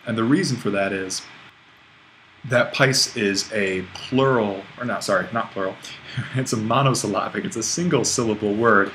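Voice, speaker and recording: Man, fairly low voice, online grammar lesson, relaxed and self-correcting, light background hiss. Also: moderate pace, rough recording. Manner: relaxed explaining, with restarts and small self-corrections. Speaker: Greek language instructor.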